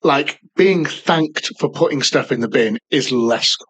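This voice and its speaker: A man's voice: medium pitch, unhurried, fairly bright tone, husky, rough recording. A man co-hosting a podcast, chatting casually over beers in a rambling, sweary, jokey way. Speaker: podcast co-host. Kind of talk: casual pub chat.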